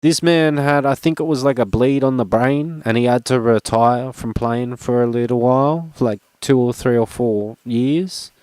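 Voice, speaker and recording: A man's voice: medium pitch, moderate pace, hardly any pauses, darkish tone, clear, resonant tone, dry recording. A young man chatting casually while opening trading cards, rambling and joking at his own expense. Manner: rambling, joking, self-mocking. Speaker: card-opening vlogger. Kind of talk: casual unboxing chat.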